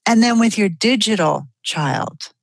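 A woman's voice: mid-range voice, lively intonation, a little slow, no room sound. A woman giving an earnest, conversational explanation, walking through everyday examples step by step. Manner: acts out quoted lines in changed voices. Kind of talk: explanatory solo talk.

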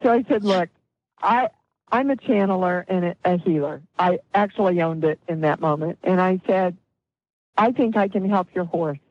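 A middle-aged or older woman, a guest healer, telling a story in an interview with animated delivery and acted-out quotes. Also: fairly low pitch, moderate pace, dry recording, lo-fi sound.

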